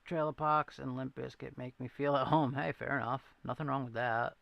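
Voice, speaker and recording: In lo-fi audio with no echo, a man hosts a casual livestream, reading comments and laughing his way through rambling stories. He says he needs his glasses to read the chat. His medium-pitched voice has vocal fry, fairly even intonation, and a moderate pace.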